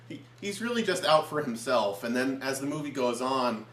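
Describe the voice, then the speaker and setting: Man, co-reviewer, mid-pitched, earnest, explains at length, echoey room, faint hum. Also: expressive, moderate pace, fairly bright tone. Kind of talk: casual chat. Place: his home.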